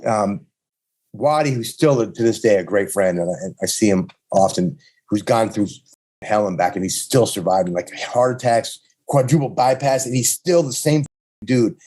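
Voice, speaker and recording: A man's voice: lowish voice, moderate pace, a little mellow. A man with a New York accent telling rambling tour stories as a podcast guest, often restarting his sentences. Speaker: podcast guest, punk musician. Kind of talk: casual storytelling.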